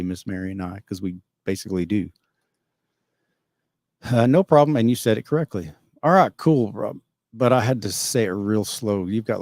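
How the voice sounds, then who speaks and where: A man's voice: fairly low pitch, darkish tone, no room sound, clean studio sound. A man hosting a casual livestream, reading viewer comments and giving rambling, opinionated answers with frequent chuckles. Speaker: livestream host reading chat.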